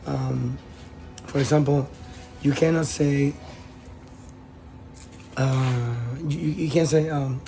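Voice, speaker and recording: A man giving casual relationship advice, talking in a halting way with many fillers and restarts. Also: medium pitch, fairly even intonation, creaky, dark tone, faint music behind, poor audio. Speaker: advice host.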